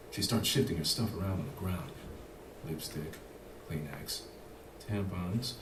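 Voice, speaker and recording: A man with a lower voice narrates a novel in expressive storytelling fashion. The audiobook plays over speakers in an echoey room, heard from a distance. A clear background hiss runs under it.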